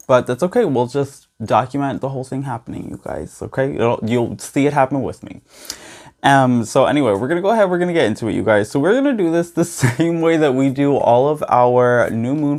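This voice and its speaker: Vlog host, male, bubbly tarot reader, slight braces lisp, mid-pitched, chatty with viewers. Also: darkish tone. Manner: bubbly, keeps saying "you guys" and "okay".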